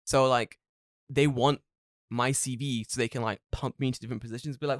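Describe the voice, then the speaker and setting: A man co-hosting a casual podcast, telling animated stories, swearing freely and acting out other people's voices. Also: mid-range voice, a little fast, no room sound, studio quality. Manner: animated storytelling, swears a lot, mimics people. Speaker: podcast co-host.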